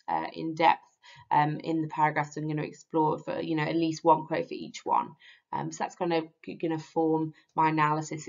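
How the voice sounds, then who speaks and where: A woman's voice: sits low, vocal fry. A woman teaching a literature lesson in a casual, hesitant way, with many ums and restarts. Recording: slightly dull lo-fi audio.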